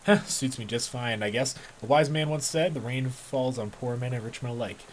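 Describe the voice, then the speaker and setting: A man reads as a laid-back hobo who talks in an unhurried drawl, at ease out in the rain. The voice stays close to an ordinary, mid-pitched male speaking voice. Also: fairly even intonation, slight background noise, lightly acted. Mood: friendly.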